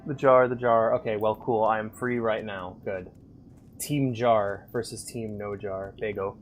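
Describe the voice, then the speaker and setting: A man's voice: fairly low pitch, fairly even intonation, a little slow, slight background noise. A man chatting casually and crudely with viewers while live-streaming a game. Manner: crude, joking, chats with viewers.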